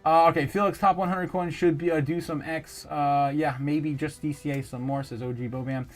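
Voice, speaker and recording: A man hosting a casual livestream, chatting and reading viewer comments aloud in an excitable, laughing way. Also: a little high. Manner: chatty and excitable, quick laughs and bursts of loudness. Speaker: livestream host.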